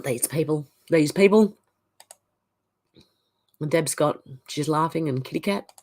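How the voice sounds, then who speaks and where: A woman's voice: low voice, takes it slowly, a little mellow. A woman with an Australian accent hosts a livestream and reads viewer comments aloud, answering them in a casual, chatty way. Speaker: livestream host.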